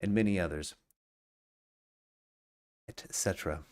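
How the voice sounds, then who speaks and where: A low-pitched, slightly mellow male voice moves at a measured pace. He's hosting a live true crime podcast stream, reading facts aloud and pausing to chat casually and greet viewers, often restarting what he says.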